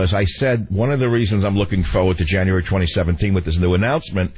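An older male radio host with a low, husky voice talks in a rambling, wry way. He drifts between asides and jokes, and the studio sound is close and dry. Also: fairly even intonation, quick pace, darkish tone, no room sound. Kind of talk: talk radio monologue.

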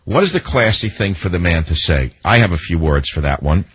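A man's voice: deep voice, lively intonation, fairly quick, a bit bright, breathy edge, no echo, rough recording. A man hosting a talk radio show, telling sarcastic stories and mimicking the people in them. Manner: sarcastic, storytelling with mimicked quotes. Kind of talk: monologue to listeners.

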